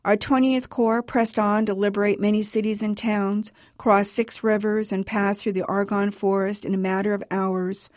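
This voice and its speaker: A woman author reading her own personal account aloud for radio in a measured, even storytelling manner. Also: mid-range voice, no echo, studio quality.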